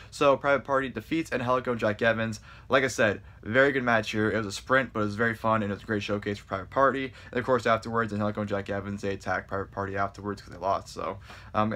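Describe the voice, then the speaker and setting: An excitable man talks through a casual review in a rambling, unpolished way, often stumbling over his words as he gets carried away. His voice sits a little low but comes across bright and forceful, and he swears freely. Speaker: wrestling show reviewer.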